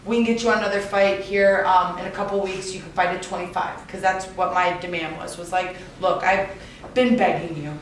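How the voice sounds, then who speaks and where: A woman's voice: medium pitch, a bit bright. A woman telling her story to an audience in a chatty way, often adding "right?" and "like". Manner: chatty, many "right?" and "like" fillers. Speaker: fighter speaking to an audience. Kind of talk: storytelling talk. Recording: echoey room, mic far off, faint noise.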